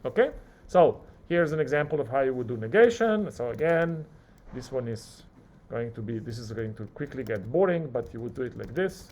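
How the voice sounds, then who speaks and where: A male lecturer teaching a live coding class, talking through each keystroke and acting out the software's replies. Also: medium pitch, animated, normal speed.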